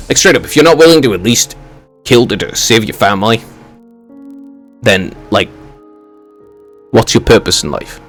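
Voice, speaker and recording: A man's voice: on the low side, very animated, moderate pace, long pauses. A man streaming a game, reading its dialogue aloud and breaking off into profane, exasperated, sarcastic commentary. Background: game music.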